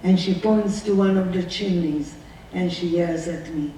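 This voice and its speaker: A woman's voice: on the low side, sing-song, measured pace, warm tone, a little hiss or hum. A woman in her nineties giving a personal testimony, telling her story earnestly and asking many rhetorical questions. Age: 90s. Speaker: survivor speaker. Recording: distant echoey hall recording, faint ambience.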